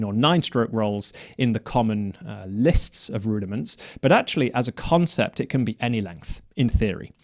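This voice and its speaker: A man's voice: mid-range voice, a little mellow. A man teaching snare drum technique, explaining step by step and counting strokes aloud. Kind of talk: instructional explanation.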